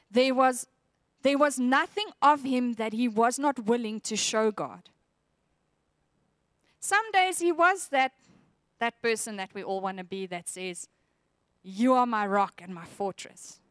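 A woman's voice: a little high, dry recording, clean studio sound. A woman preaching a sermon, earnest and reflective, reading scripture aloud with feeling.

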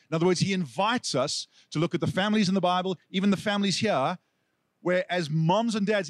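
A South African pastor delivers a sermon from the pulpit in a voice slightly higher than most men's. He tells the story with animated energy, taking on the voices of the people he quotes. The sound is close and dry, without room echo.

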